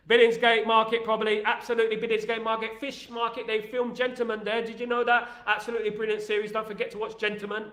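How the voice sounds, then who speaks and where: A man hosting a rambling, jokey, excitable casual chat. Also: high-pitched, roomy sound. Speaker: host.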